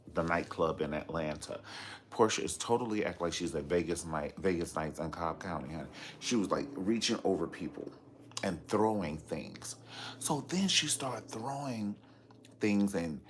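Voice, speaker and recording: A man's voice: low-pitched, a little hiss or hum. A man giving sassy, dramatic commentary on reality TV gossip, telling the story with playful asides.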